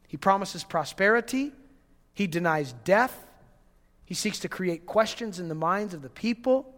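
A man's voice: high voice, lively intonation, unhurried, fairly bright tone, big-room sound. A man preaching a sermon as a pastor, conversational and storytelling, often repeating words.

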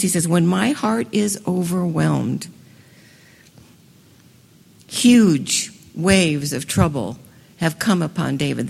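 A woman preaching a sermon with passion, her voice swelling loudly when she reads scripture. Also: fairly low pitch. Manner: impassioned, swells loud on scripture lines. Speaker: women's ministry speaker. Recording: reverberant hall.

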